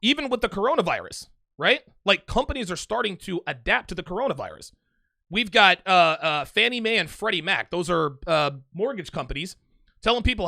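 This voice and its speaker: A man's voice: high voice, very animated, fairly quick, vocal fry, sharp tone, no room sound, studio quality. A man hosting a live call-in stream, reading super chats in a brash, emphatic way and repeating himself. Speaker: livestream host reading super chats and taking calls. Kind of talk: casual live show chat.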